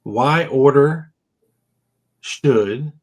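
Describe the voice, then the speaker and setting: Man in his fifties, medium pitch. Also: very slow, husky, poor audio. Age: 50s. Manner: reads old legal papers aloud with wry asides. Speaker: podcast host. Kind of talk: casual chat, reading documents aloud.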